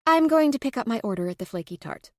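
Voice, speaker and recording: A playful, teasing young woman, pitched noticeably higher and brighter than the surrounding narration, as a woman reader puts her on. She sounds lively and cheerful, and the dry, close recording keeps her crisp. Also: fast talker, no echo. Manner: bright, lively, mock Southern drawl at times.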